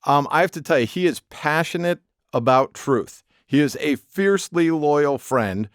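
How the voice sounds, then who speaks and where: A man's voice: a little high, animated, normal speed, no echo, studio quality. A man co-hosting a podcast in casual chat, friendly and laughing easily. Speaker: podcast co-host.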